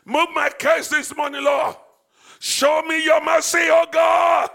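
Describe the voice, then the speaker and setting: Male pastor, shouted fervent prayer, gravelly and very high. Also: flat delivery, takes it slowly. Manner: shouted, fervent praying with repeated phrases. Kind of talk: sermon, leading congregational prayer. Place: church service.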